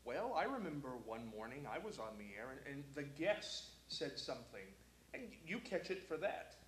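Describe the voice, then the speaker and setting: A man's voice: mid-range voice, normal speed, reverberant, slight background noise, low-quality recording. A man hosting a local talk show, chatting and telling stories on air. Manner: storytelling, animated. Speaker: host. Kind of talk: casual talk show chat.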